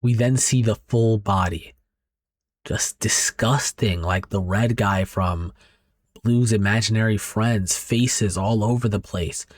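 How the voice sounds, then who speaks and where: A man's voice: lowish voice, takes it slowly, no echo, studio quality. Casual young man recapping horror manga. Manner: casual, reacting aloud.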